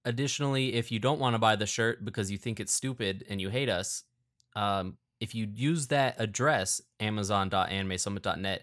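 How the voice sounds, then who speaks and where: A man's voice: lowish voice, fairly bright tone. A man hosting a podcast, chatting casually, laughing and plugging the show. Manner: laid-back, laughing, plugs the show. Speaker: podcast host.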